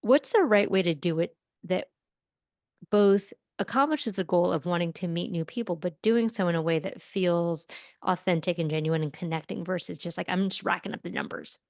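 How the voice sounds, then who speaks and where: A woman hosting a podcast interview, chatty and self-deprecating, quick to laugh. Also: on the low side, darkish tone, no echo, clean studio sound. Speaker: podcast host.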